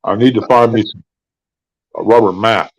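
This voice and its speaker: A man hosting a live stream, chatting in a slow, folksy drawl. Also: on the low side, fairly even intonation, creaky, rough recording. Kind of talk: casual chat. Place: hospital room.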